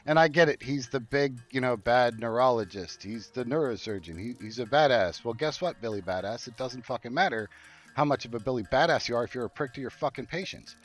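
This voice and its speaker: A man's voice: mid-range voice, expressive, brisk, soft background music. A man ranting heatedly while gaming. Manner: heated, profane, indignant. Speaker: streamer. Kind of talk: angry rant while gaming.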